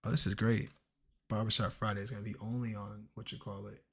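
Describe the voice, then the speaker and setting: A man streaming a game, chatting casually and acting out the people in his stories in an animated way. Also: fairly low pitch, fast talker, slightly rough. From Washington, DC area. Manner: animated, acts out quoted people. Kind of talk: casual storytelling while gaming.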